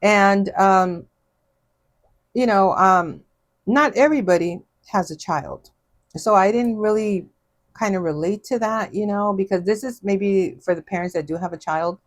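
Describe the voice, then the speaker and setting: A woman's voice: medium pitch, measured pace. A woman hosting an astrology podcast, talking in a rambling, casual way, full of fillers and little laughs. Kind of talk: casual chat.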